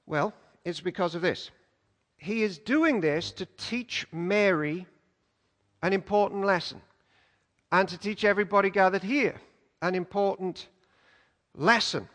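A man with a high voice preaches a sermon, telling the story in a lively, conversational way. His voice carries a long reverb that fills the church hall. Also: unhurried, pauses often.

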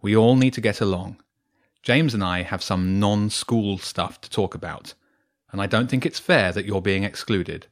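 A man's voice: fairly low pitch, normal speed, close to an everyday voice. A man voicing a firm, sensible schoolgirl who scolds her friend, in a bedtime story.

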